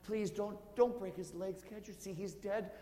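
Sorrowful mother figure in prayer, played by a male preacher, high and imploring, echoey room. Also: normal speed, mellow, close to an everyday voice. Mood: desperate begging. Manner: pleading, tender, breaking into anguish. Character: grieving mother Mary pleading in prayer. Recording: echoey hall with faint hum.

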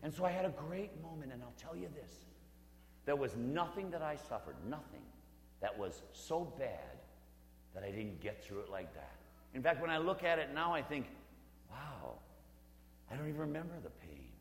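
A Catholic priest in his fifties giving a conversational, humorous storytelling sermon, dropping to a hush for emphasis. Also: mid-range voice, big pitch swings, moderate pace, a little hiss or hum. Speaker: Catholic priest leading a parish mission. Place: church. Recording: roomy church with long reverb.

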